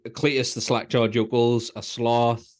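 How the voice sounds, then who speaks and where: Animated Northern Irish man chatting. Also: medium pitch, unhurried. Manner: animated, swears, quotes lines in put-on voices, laughs often. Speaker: podcast co-host. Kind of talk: casual film review chat.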